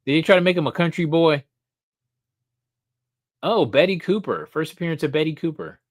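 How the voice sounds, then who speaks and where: A man hosting a casual live stream, thinking aloud, swearing casually and getting excited. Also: a little high, moderate pace, dry recording, clean studio sound. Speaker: host of a comic book live show.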